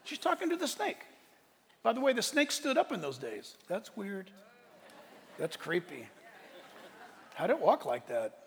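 A man preaching a sermon, animated and joking, slipping into playful voices for the characters he describes. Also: high voice, unhurried, gravelly, long pauses, a little hiss or hum. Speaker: pastor. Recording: hall reverb.

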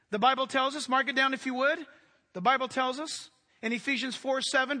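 A man preaching from the pulpit in an unusually high, bright voice. He swings from excited peaks down to hushed, near-whispered asides. The sound carries a long church-hall echo. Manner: animated preaching, sudden drops to near-quiet asides. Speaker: pastor. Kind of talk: sermon.

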